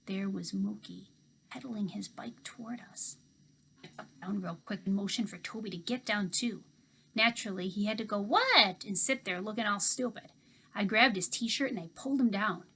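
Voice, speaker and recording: A woman teacher reading a children's novel aloud in expressive first-person storytelling. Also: medium pitch, a little fast, slight background noise.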